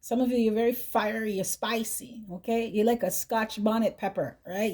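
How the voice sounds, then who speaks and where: A woman talks through a tarot reading in a warm, mellow tone that sits a bit high. She is chatty and direct. She checks in with "right?" and hums "mm-hmm" between thoughts. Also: a little slow. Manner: chatty, keeps asking "right?" and humming "mm-hmm". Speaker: tarot reader.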